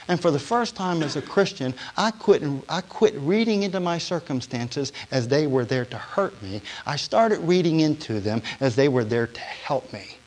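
A man preaching his testimony as a story, speaking with a somewhat high voice. He draws the congregation in with questions and moves between soft, hushed stretches and loud, emotional bursts. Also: animated, normal speed, few pauses, a little hiss or hum, low-quality recording. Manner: storytelling, asks the audience questions; swings from quiet to loud and emotional. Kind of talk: sermon testimony.

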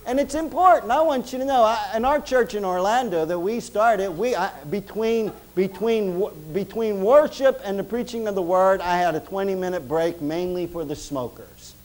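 A man preaching a sermon as pastor, emphatic, swinging between loud stresses and hushed closing prayer. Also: sits high, moderate pace, few pauses, low-quality recording.

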